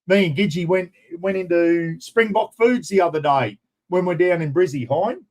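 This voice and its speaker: A man with an Australian accent hosts a casual charity live stream, rambling through matey shout-outs to viewers. His voice is high-pitched and his pace moderate.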